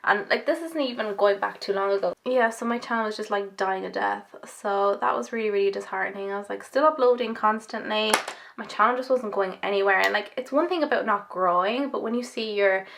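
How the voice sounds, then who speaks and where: Gravelly-voiced woman rambling chattily. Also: medium pitch, fairly quick, fairly bright tone, a little hiss or hum. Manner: rambling, filler-heavy, self-deprecating. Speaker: makeup YouTuber. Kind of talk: casual chatty Q&A vlog. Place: home, doing her makeup on camera.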